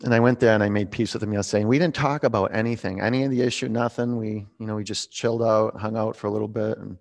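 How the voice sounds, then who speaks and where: A man in his forties leading a yoga class, calm and reflective as he tells a personal story between pose cues. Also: fairly low pitch, fast talker, vocal fry. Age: 40s. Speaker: yoga instructor.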